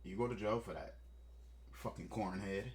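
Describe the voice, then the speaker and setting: A man's voice: fairly low pitch, normal speed. A man hosting a casual reaction commentary, joking and swearing in blunt asides. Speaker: commentary host.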